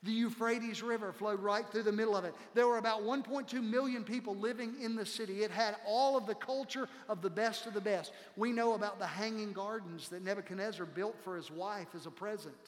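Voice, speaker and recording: A male pastor preaching a sermon, dramatic and slowing down hard to land key words. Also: high voice, long reverb tail. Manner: dramatic preaching, slows for emphasis.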